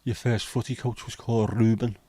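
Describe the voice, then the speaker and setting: This middle-aged man runs a laid-back livestream chat, picking viewer comments to read and responding bluntly, cursing freely. His medium-pitched voice is warm but flat, moving a little fast, and there's no room sound.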